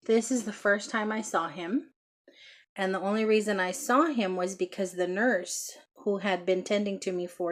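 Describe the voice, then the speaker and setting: A woman telling a heartfelt story about her son's birth in a casual vlog, with many pauses and ums. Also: mid-range voice, sharp tone. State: out of breath. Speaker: vlogger, mother.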